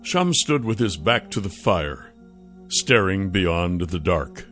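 Slow, low-voiced male storyteller. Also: very animated, a bit bright. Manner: measured, deliberate. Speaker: audiobook narrator. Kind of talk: scripted fantasy narration. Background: faint music.

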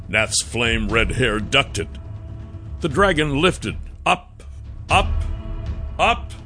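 A man narrating a fantasy audiobook in a measured, deliberate way. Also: mid-range voice, sharp tone. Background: faint music.

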